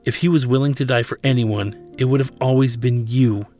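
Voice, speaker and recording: A man reading the lines of a loyal female android, voicing her in a gentle, comforting way. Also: medium pitch, fairly even intonation, a little fast, soft background music, lightly acted.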